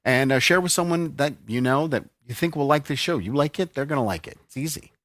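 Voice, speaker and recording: A man's voice: medium pitch, animated, a little fast, fairly bright tone, dry recording, clean studio sound. A man co-hosting a podcast in casual chat, teasing and joking with his partner. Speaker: podcast co-host.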